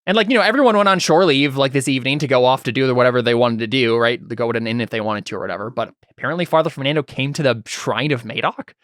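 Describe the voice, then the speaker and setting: A man's voice: medium pitch, racing, hardly any pauses, fairly bright tone, no echo, clean studio sound. A man narrating as game master of a tabletop role-playing game, talking loosely with many fillers and restarts.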